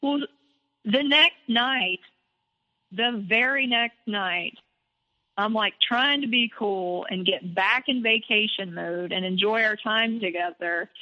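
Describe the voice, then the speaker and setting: A woman guest telling a personal story in an animated, candid way, with some swearing. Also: mid-range voice, slow. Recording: dull lo-fi audio with long reverb.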